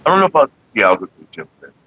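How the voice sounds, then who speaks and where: A man's voice: lowish voice, sing-song, rapid-fire, pushed and bright, dull audio, slight background noise. A young man rambling casually to camera, joking and laughing often. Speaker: vlogger.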